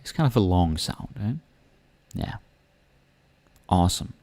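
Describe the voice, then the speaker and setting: A man with a Danish accent teaching pronunciation, speaking slowly and repeating each word for the learner. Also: deep voice, warm tone, dry recording. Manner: slow, repeating words for the learner. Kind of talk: pronunciation lesson.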